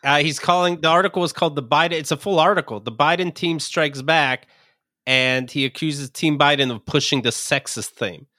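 A man's voice: a little high, steady tone, brisk, few pauses, pushed and bright, no echo, clean studio sound. A man co-hosting a casual chat show, reading out news quotes and answering them with sarcasm. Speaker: podcast co-host.

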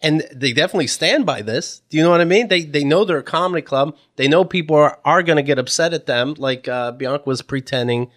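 A man's voice: on the high side, fast, few pauses, a bit bright. A man co-hosting a podcast in casual chat, sardonic, now and then reading news excerpts aloud. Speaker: podcast co-host.

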